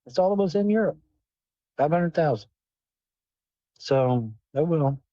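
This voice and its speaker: A man with a higher pitch and a mellow, dark tone rambles profanely through a livestream, answering the chat from his car. The sound is dry and lo-fi. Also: animated, measured pace, no room sound. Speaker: livestream host. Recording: dull, dry lo-fi stream audio.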